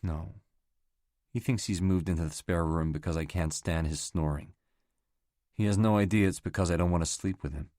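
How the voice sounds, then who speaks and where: A man's voice: low-pitched, normal speed, mellow, dry recording, studio quality, natural voice. A man reading the part of a hurt, defensive young woman in an audiobook. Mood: quiet.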